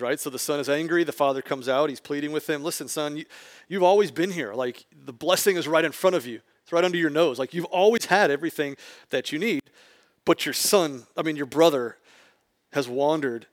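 A man, a pastor, preaching a conversational sermon to his congregation, often adding "like" and building emphasis. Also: a little high.

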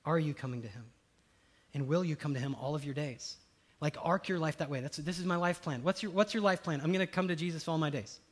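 Pastor preaching, fairly high voice. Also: male voice, fast talker. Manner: conversational, swings from loud emphasis to soft hushed tones. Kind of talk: sermon.

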